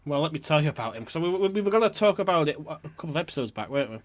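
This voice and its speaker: A man's voice: fairly high pitch, animated, racing. A man, co-hosting a podcast and telling a story with lots of swearing and mock drama. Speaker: podcast co-host.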